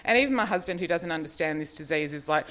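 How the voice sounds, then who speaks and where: A middle-aged Australian woman in recovery gives a personal testimony, telling her story in a rambling, self-deprecating, casual way with frequent small laughs and fillers. Her voice is low, animated and fairly bright, and she speaks fast.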